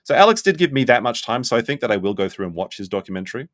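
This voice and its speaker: A man commenting on a live stream, reading chat messages aloud in a skeptical, blunt way and thinking out loud. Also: mid-range voice, very animated, very fast, no room sound, studio quality. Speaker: streamer reacting to a documentary.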